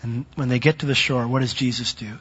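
A male pastor preaching a sermon in an animated way, often acting out the voices of the people he quotes. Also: medium pitch, fast talker, breathy edge. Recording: echoey hall, dull lo-fi sound.

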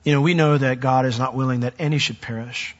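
Husky middle-aged pastor preaching. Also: male voice, medium pitch, fairly even intonation, quick pace. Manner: conversational preaching with wry humor. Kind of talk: sermon. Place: large church sanctuary. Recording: dull lo-fi sound with long hall reverb.

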